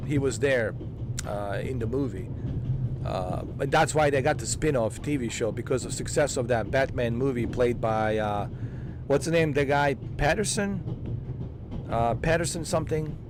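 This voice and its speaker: A gaming channel host, a man, talks casually over a game walkthrough in a medium-pitched voice at normal speed, with a noisy background. He rambles loosely, drops "man" and "dude," and fills the gaps with fillers and self-corrections while he tries to recall names.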